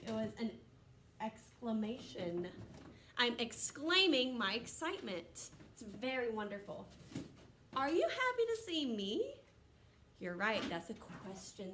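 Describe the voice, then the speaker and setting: A woman's voice: on the high side, sharp tone, a little hiss or hum. A woman teaching first graders in an online lesson, upbeat and encouraging as she talks straight to the children.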